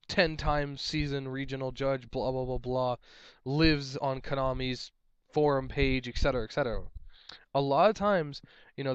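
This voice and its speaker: A man's voice: medium pitch, no echo, muffled recording. A young man, a tournament judge, giving casual advice in a rambling, exasperated way that often repeats itself.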